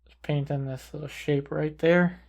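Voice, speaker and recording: A man calmly talking through a portrait painting tutorial, thinking aloud as he paints. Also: on the high side, vocal fry. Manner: calm, unhurried, thinking aloud while painting. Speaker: painting instructor. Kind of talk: relaxed painting tutorial narration.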